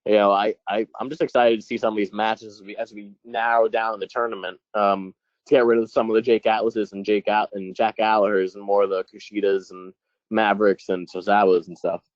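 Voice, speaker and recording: A man co-hosting a casual podcast with a lowish voice. He talks hesitantly, full of fillers, and swears now and then. The recording is dry and dull. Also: little pitch movement, brisk, no room sound. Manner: hesitant, lots of 'like' and 'you know', swears. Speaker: podcast co-host.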